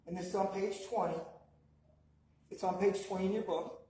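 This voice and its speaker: A man teaching a language class, sounding out words slowly syllable by syllable and correcting learners. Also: high-pitched, steady tone, mellow. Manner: slow, drawn-out pronunciation drills by syllable. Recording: echoey, distant mic with faint noise.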